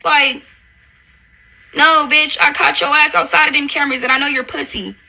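A woman's voice: high-pitched, fairly even intonation, moderate pace, gravelly, sharp tone. A woman ranting angrily and profanely on a livestream, hurling insults at someone who wronged her. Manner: profane, confrontational, repeats "bitch" constantly. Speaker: reality TV personality on a livestream.

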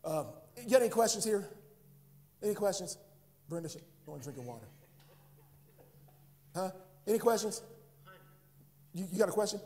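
A man's voice: sits high, lively intonation, moderate pace, pauses often, a little mellow. A man preaching a sermon as pastor, stammering through restarts and asking the congregation "huh?" between points. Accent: American. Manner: repeats words, asks "huh?" to the congregation.

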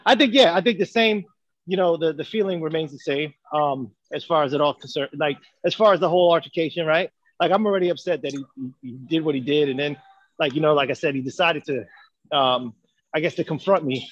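A man's voice: a little high, a little fast, dry recording, highs cut off. A man co-hosting a casual debate chat, speaking earnestly and thinking aloud with many fillers. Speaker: podcast co-host.

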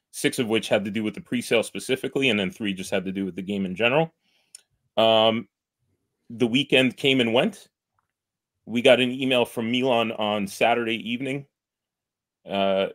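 A man with a New York accent, a supporters club organizer talking through events as a podcast guest, detailed and methodical. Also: on the low side. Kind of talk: casual podcast chat.

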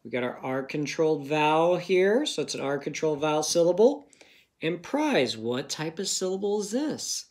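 A man's voice: on the high side, very animated, normal speed, darkish tone. A man teaching a phonics lesson to young children in a patient, encouraging manner.

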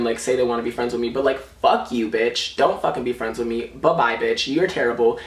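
A young man tells a story from his school days in a sassy, dramatic vlog voice full of swearing. His voice sits in the middle range, and the recording has a roomy echo with the mic set some distance away. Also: medium pitch. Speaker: vlogger.

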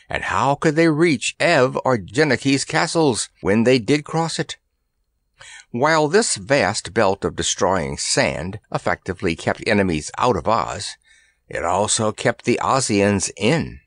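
A man narrating a children's fantasy audiobook in a measured, expressive storytelling manner, close to the microphone. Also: fairly low pitch, no echo. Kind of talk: reading a children's fantasy novel aloud.

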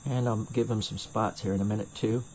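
A man's voice: lowish voice, fairly even intonation, brisk, a little mellow, a little hiss or hum. Rambling North Carolina man demoing glass. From North Carolina, USA. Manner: rambling and self-deprecating, with frequent restarts. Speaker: glassblower streaming torch demos. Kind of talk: casual live demo chat answering viewer questions. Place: home glass studio at the torch. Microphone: first-person camera mic.

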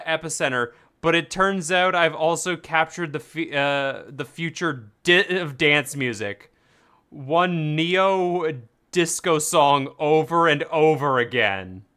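A man's voice: on the high side, sharp tone. A man playing a game with friends, reading on-screen text aloud with stumbles, laughter and swearing. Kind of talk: casual let's-play chat.

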